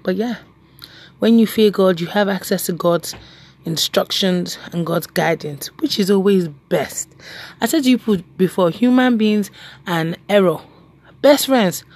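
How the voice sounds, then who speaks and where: Woman preacher, mid-pitched, animated and repetitive, laughs through her stories. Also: measured pace. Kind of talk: devotional preaching.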